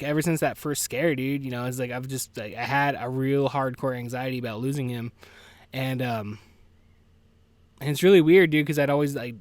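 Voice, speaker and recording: In this dry recording, a man's slightly bright, medium-pitched voice carries a casual solo podcast monologue from his home, where farm animals can be heard nearby. He's grieving and low-key, rambling and swearing a lot, and "dude" and "like" come up constantly.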